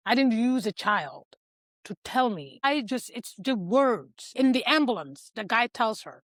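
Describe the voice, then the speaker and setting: A woman telling stories on a podcast, acting out the scenes and swinging between loud and hushed. Her voice sits a little high. The sound is dry and close to the mic. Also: unhurried, no room sound. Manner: animated storyteller who acts out scenes. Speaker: podcast guest. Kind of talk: casual podcast chat.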